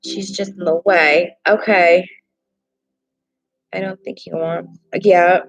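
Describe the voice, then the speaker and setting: A woman's voice: lowish voice, level tone, takes it slowly, poor audio. A woman doing a casual live-stream tarot reading from her laptop, chatty and emotional as she reacts aloud to viewer comments. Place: home desk at a laptop. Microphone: laptop microphone.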